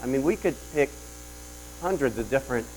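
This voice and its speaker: A man's voice: mid-range voice, animated, brisk, a little mellow, rough recording. A man delivering a sermon in a conversational storytelling way, telling a personal story with frequent restarts. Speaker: preacher.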